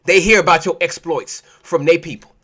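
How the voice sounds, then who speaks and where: High-pitched fiery male preacher. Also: brisk, pushed and bright. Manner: preachy, profane, calls out listeners as family. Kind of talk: fiery street sermon.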